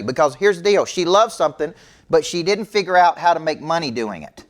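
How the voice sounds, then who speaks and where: A man's voice: on the high side, animated, brisk. A middle-aged man, giving a motivational business talk to an audience in an emphatic, preachy way. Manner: emphatic, preachy, repeats "okay?" to check in. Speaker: business coach.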